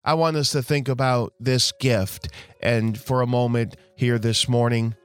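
Slow, emphatic male pastor. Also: mid-range voice, fairly even intonation, smooth. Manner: slow, emphatic preaching with drawn-out key phrases. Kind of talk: sermon.

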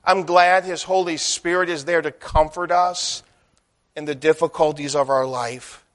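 A man with a high, ringing voice preaches a sermon. He presses hard on key words, then falls soft and low, often repeating a phrase as he gathers force. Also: steady tone, measured pace. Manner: emphatic preaching with swells and drops in loudness, repeating phrases.

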